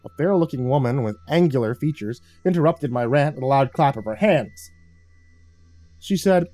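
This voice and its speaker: A man narrating a horror story in a dramatic, expressive way. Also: medium pitch, moderate pace, no echo.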